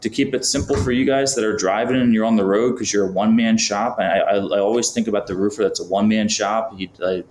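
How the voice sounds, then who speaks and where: A man's voice: lowish voice, steady tone, fast talker, few pauses, darkish tone, a little hiss or hum. A man from Florida, a podcast guest talking casually with lots of fillers and acting out sample phone calls. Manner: chatty, many fillers, acts out phone calls. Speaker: podcast guest, business founder. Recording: roomy, faint background ambience.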